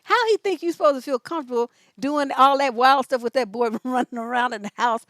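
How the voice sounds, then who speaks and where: Blunt, profane woman with a high voice. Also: fairly quick, a bit bright, no room sound. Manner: blunt and profane, joking, reads questions aloud. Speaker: relationship coach answering viewer questions. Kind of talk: casual livestream advice chat.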